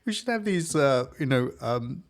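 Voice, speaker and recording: A man's voice: mid-range voice, normal speed. A man from England co-hosting a casual live-streamed chat, joking and laughing often. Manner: jokey, laughs often, lively delivery. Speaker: podcast co-host.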